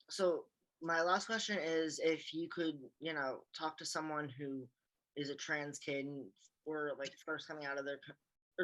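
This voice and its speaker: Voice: mid-range voice, a bit bright, poor audio. An interviewer in a casual interview, reassuring and supportive toward the guest.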